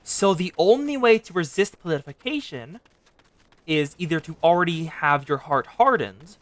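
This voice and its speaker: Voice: medium pitch, lively intonation, moderate pace, no room sound. A game streamer giving casual, rambling live commentary, talking to chat while playing. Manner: chatty, rambling, addresses chat.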